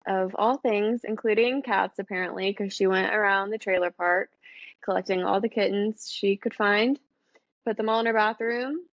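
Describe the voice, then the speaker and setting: A woman co-hosting a casual podcast with friends, who talks haltingly and pauses to gather her thoughts. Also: mid-range voice, fairly even intonation, dry recording, highs cut off. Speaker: podcast co-host. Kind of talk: casual chat among friends.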